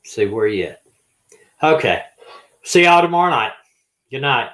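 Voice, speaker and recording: A man's voice: medium pitch, animated, a little slow, fairly bright tone, rough recording. An older man, hosting a live stream and signing off in a folksy, chuckling, rambling way. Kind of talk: casual live stream sign-off.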